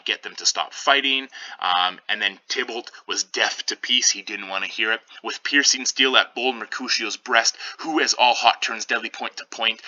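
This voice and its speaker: A male teacher walks through a play, reading the old lines and then retelling them in everyday speech with plenty of fillers. His voice sits low but has a sharp, bright edge. The recording is a little muffled and lo-fi. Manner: casual paraphrasing with fillers. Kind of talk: reading a play aloud and explaining it.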